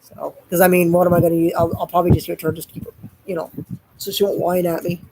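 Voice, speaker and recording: A woman's voice: fairly low pitch, little pitch movement, quick pace, noisy background. A woman with a Canadian accent chatting casually to her viewers on a live stream, rambling and often addressing them directly. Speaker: vlogger.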